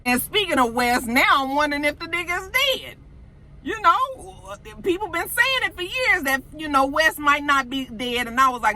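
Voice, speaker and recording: A woman reviewing a TV episode in a casual, profane, animated vlog, acting out the scenes as she recaps. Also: high voice, moderate pace. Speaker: TV show reviewer.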